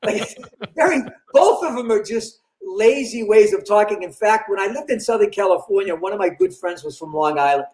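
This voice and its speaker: A man's voice: high voice, a little fast, hardly any pauses, reverberant. An older man with a Boston accent, a comedian telling stories with lots of laughter and character voices. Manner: lively, laughs often, slips into character voices. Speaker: comedian guest. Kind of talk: animated storytelling.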